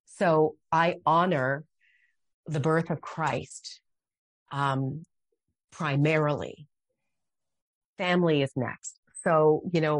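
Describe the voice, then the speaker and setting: A middle-aged woman speaks as a podcast guest in a conversational interview, earnest and heartfelt, frequently restarting her sentences. Her voice is low-pitched and the recording is dry.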